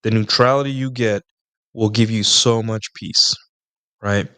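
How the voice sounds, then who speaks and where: A man's voice: fairly low pitch, steady tone, measured pace, sharp tone, smooth, dry recording. A young man hosting a live Q&A stream, talking casually and rambling with many restarts and fillers.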